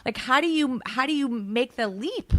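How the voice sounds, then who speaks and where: A woman asking a question on a talk show, hesitant and halting as she explains her worries. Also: sits high, lively intonation, fairly bright tone, no room sound, studio quality. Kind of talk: casual chat.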